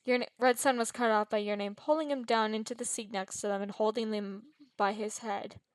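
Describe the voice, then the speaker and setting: A woman's voice: a little high, steady tone, brisk, clean tone, no echo, rough recording. A woman narrating a fan fiction story aloud, often tripping over words and restarting. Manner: frequent stumbles and restarts.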